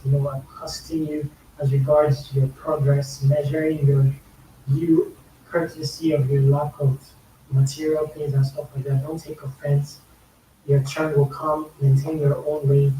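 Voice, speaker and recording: A man's voice: a little high, mellow. A man with a Nigerian accent explaining a song's lyrics and slang in casual commentary, repeating phrases for emphasis. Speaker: YouTube music reaction host. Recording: echoey room, mic a bit far, faint hiss.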